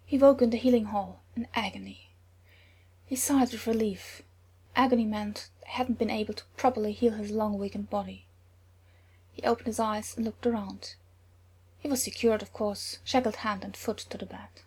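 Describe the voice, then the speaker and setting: A woman reading a story aloud in a soft, often whispered narration. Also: medium pitch, fairly even intonation, moderate pace. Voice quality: very breathy.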